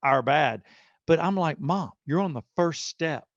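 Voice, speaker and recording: A man's voice: on the high side, measured pace, dry recording, lo-fi sound. A middle-aged man co-hosting a podcast, telling a long story in casual chat and acting out everyone's lines as he goes. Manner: animated storyteller, acting out quotes. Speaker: podcast co-host.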